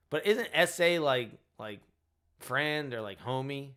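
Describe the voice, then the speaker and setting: A man's voice: mid-range voice, expressive, a little slow, bright, forceful tone, smooth. A tired man in his thirties hosts a casual livestream chat and rambles, filling his talk with "like" and "you know". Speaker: host.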